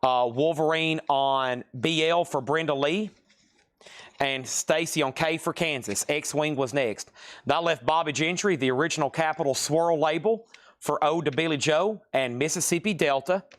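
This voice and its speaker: A man hosting a live record sale, briskly calling out records, prices and bids. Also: fairly high pitch, fairly bright tone. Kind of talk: live auction selling.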